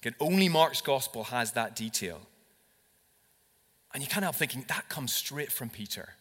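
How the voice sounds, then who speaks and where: Male preacher, bright and forceful, lively sermon delivery in a reverberant hall. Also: mid-range voice, moderate pace. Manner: expressive, acts out quoted dialogue with shifts in loudness. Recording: long reverb of a large hall.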